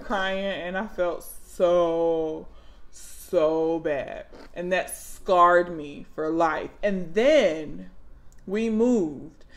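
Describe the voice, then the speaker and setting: A woman in her thirties telling stories about her kids in a casual vlog, dramatic and animated, jumping into loud high outbursts when she acts out moments. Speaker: mom vlogger.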